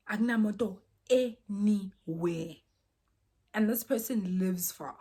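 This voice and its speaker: A young woman tells a personal story casually, dropping to near-whispers and then bursting out loudly as she acts out what people said. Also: fairly low pitch, slightly rough. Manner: animated, swings between soft near-whispers and loud exclaimed quotes.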